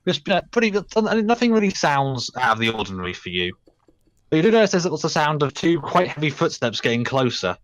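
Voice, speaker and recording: A young man narrating as game master in a tabletop game, talking haltingly with many fillers. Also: on the high side, very animated, no echo.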